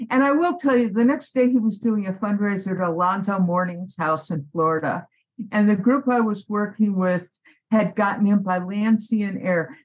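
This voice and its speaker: Animated woman telling a story. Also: medium pitch, poor audio. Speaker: activist guest. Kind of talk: storytelling interview.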